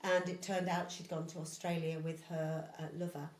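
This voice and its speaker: An older woman, a folk singer, softly introducing a song at a home concert with unhurried storytelling and fillers. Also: lowish voice, little pitch movement. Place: home lounge. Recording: roomy echo with music.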